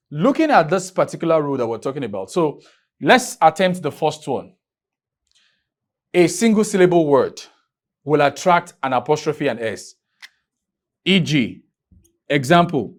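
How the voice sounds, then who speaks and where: Man, from Nigeria, teacher, classroom lesson, emphatic, stretches words, questions students, slightly high voice. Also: very animated, measured pace, long pauses. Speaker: English teacher. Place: classroom with a board.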